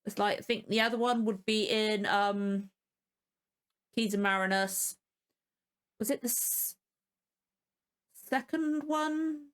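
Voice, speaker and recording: A woman's voice: mid-range voice, takes it slowly, pauses often, clean tone. A woman hosting a casual reaction video, rambling and frank, openly annoyed about the episode she watched. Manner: rambling and frank, many fillers and restarts. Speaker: reaction channel host.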